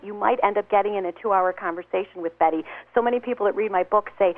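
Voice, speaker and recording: A woman's voice: medium pitch, fast talker, hardly any pauses. A woman author giving upbeat advice in an interview, acting out little dialogues as she explains. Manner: upbeat, acts out quoted dialogue. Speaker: guest author. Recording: tinny phone line.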